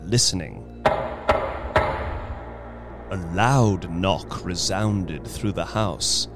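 A man narrating a story in a slow, suspenseful dramatic reading, with music behind him. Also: deep voice. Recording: reading over background music.

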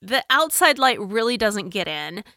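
Woman, casual podcast storytelling, very lively pitch, laughs often, dry sound. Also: normal speed, no room sound. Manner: animated, acts out quotes with big pitch jumps; laughs often while telling. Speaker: podcast co-host, parent.

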